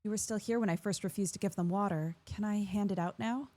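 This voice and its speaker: A woman's voice: medium pitch, brisk, warm tone, pitched above the performer's own voice, close to an everyday voice. A woman reading a fretful young shelter keeper. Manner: fretful, apologetic. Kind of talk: reading game dialogue aloud.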